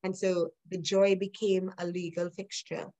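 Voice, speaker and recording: A woman's voice: on the low side, little pitch movement, measured pace, mellow, poor audio. Middle-aged woman guest, earnest, reflective storytelling, breaks into light laughs. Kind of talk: personal storytelling in an interview.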